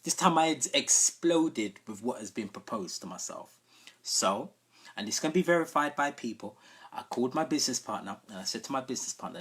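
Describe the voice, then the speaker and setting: Husky man telling a story. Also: medium pitch, expressive, a little fast, a bit bright. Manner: conversational, often checking in with listeners. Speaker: sound system host. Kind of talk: casual live-stream storytelling.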